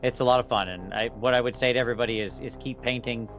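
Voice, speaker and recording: A man talking as a guest on a casual interview podcast, thoughtful and measured. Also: medium pitch, steady tone, a bit bright, faint music behind. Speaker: podcast guest, miniature painter.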